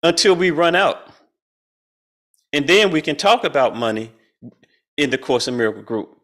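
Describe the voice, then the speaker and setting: A man's voice: a little high, animated, moderate pace, fairly bright tone. A middle-aged man leading a spiritual study group over a video call, talking in a folksy, colloquial way and chuckling often. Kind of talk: casual spiritual talk.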